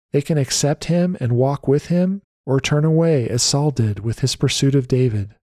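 A man reading a scripted devotional message as a lay preacher, reciting scripture references in a steady manner. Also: medium pitch, dry recording, studio quality.

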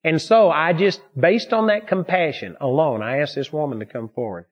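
Speaking at a normal speed, a fairly high-voiced man preaches, shifting from his own anecdotes to scripture in a steady, earnest manner. The recording sounds lo-fi and dull.

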